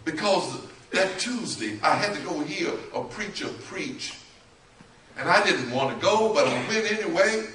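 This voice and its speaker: A man preaching a storytelling sermon, who acts out the voices in his story and swings between loud and soft. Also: sits high, lively intonation, measured pace, recorded from a distance, slight background noise. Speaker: bishop preaching. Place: church sanctuary. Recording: echoey church from off-mic.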